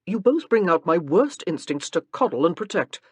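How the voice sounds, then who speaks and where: A woman's voice: on the low side, very animated, normal speed, husky, no room sound. A woman voicing a protective young nobleman with a rueful, dryly humorous manner in an audiobook. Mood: wry. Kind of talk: audiobook character reading.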